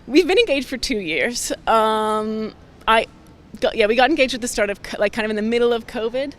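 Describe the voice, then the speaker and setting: A woman's voice: fairly high pitch, expressive, brisk. A young woman, a rugby player chatting casually in an interview, upbeat and full of "like" fillers. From Canada.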